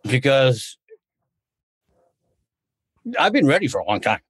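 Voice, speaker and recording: A man chatting as a guest in an interview, wandering off into stories and often breaking off to restart his thought. His voice sits at an ordinary middle pitch. The recording is close and dry, with no room sound. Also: big pitch swings, slow, slightly rough, no echo. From United States. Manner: rambling storyteller, restarts often. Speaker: podcast guest, martial arts instructor. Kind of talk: casual interview conversation.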